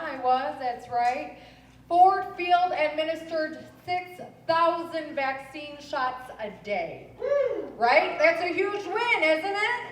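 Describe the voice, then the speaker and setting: A female comic with a very high voice banters with the crowd in a bubbly, chatty way. Her voice echoes through the club from a distance, with a faint room hum underneath. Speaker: stand-up comedian. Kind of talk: stand-up comedy. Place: comedy club.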